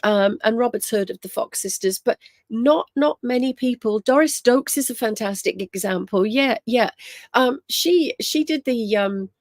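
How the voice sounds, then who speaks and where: A woman's voice: a little high, moderate pace, no room sound, studio quality. A woman hosting a casual livestream on spiritual topics, telling stories with lots of ums and greeting viewers by name.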